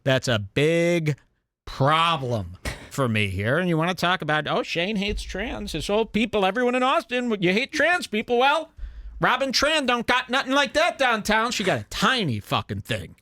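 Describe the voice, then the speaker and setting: A man's voice: animated, normal speed, sharp tone, dry recording. A man hosting a podcast, ranting crudely and mockingly in a comedic style. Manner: mocking, exaggerated, swings pitch wildly. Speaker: podcast host.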